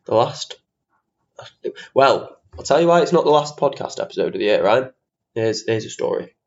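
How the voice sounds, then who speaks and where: On his casual solo podcast, a young male host with a medium-pitched, slightly mellow voice rants chattily at normal speed with lively intonation. He swears casually and pokes fun at himself, and the lo-fi audio is a bit dull.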